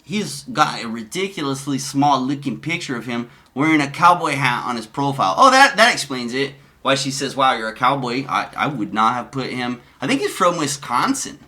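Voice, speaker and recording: A man's voice: mid-range voice, big pitch swings, normal speed, hardly any pauses, sharp tone. A man giving casual commentary, rambling and profane, often cutting himself off. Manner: profane, rambling, self-interrupting.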